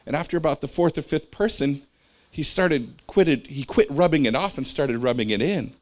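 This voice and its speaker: His voice sits on the high side, expressive and at normal speed, as he offers an informal talk on religion. It wanders through personal stories in a rambling, conversational way, full of fillers, before finding its way back.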